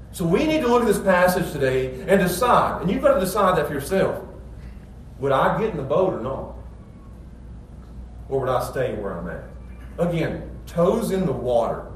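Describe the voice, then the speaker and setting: A man preaching a sermon as a pastor, animated, swinging between loud excited passages and low calm ones. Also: slight background noise. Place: church. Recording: echoey room from far off.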